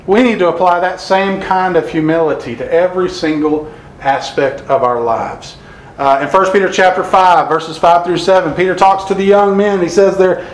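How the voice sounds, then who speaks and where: Earnest preacher, man, echoey room. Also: high voice. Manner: earnest, reads scripture slowly. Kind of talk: sermon.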